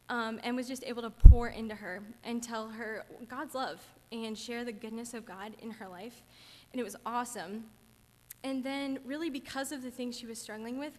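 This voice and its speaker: A woman's voice: a little high, normal speed, warm tone, slight background noise. A young woman, a camp counselor, earnestly and chattily sharing a personal testimony in church. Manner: earnest, chatty, gets teary. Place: church sanctuary. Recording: church hall reverb.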